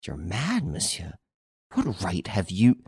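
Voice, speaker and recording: A man's voice: wildly swooping pitch, slow, a little mellow, slightly rough, dry recording, clean studio sound, full character voice. A man voicing a vengeful woman who accuses her friend of murder, in an audiobook reading. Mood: indignant. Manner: furious, accusing, shifts from shrill to hissing.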